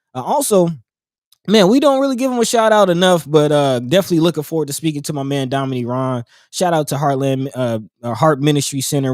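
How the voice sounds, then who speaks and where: A man co-hosting a community talk show, in casual, rambling chat with many fillers and soft laughs. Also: mid-range voice, dry recording, studio quality.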